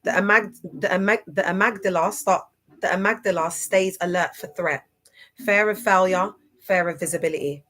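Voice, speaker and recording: A woman's voice: fairly low pitch, normal speed, a bit bright. Chatty woman on a livestream. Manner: chatty, laughs often, spells out words. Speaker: livestream host. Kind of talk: casual livestream talk.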